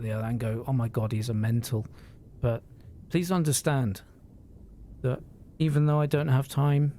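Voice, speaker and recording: A man's voice: medium pitch, warm tone, a little hiss or hum. Earnest man rambling on a live stream. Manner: earnest, emotional, swears freely, halting restarts.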